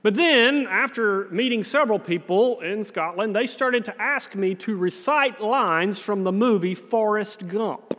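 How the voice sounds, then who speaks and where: A man's voice: high voice, measured pace, few pauses, a bit bright. A man with a Southern US accent preaching a sermon in a conversational, storytelling manner in a church sanctuary. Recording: long reverb in a large hall.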